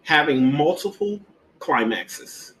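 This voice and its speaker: A man hosting a casual chat show, joking and teasing his guest in loud, slangy talk. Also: a little high, big pitch swings, slow. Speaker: podcast host. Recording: roomy echo, faint noise.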